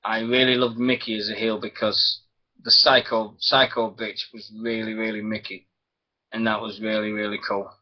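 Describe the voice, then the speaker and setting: A man's voice: fairly low pitch, flat delivery, moderate pace. Rambling man, lo-fi internet radio. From Britain. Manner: rambling, chuckling, loses his thread. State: sore throat. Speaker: wrestling radio host. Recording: dull lo-fi stream audio.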